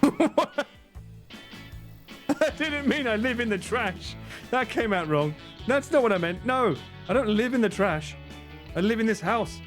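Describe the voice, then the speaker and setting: Male streamer, casual live chat, expressive and swings all over his range, with music playing behind. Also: high voice, measured pace, long pauses. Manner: laughs often and swears freely.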